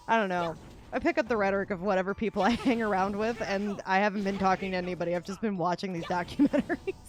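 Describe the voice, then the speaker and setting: Young female streamer, mid-pitched, rambling chatter between gameplay moments. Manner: rambling, lots of "like" fillers, laughs often. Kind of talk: casual chat while gaming.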